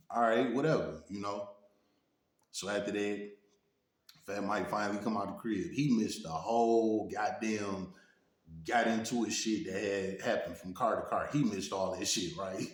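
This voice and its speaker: Low-voiced Detroit man telling a street story. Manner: laid-back, peppers talk with "you know what I'm saying". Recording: roomy echo.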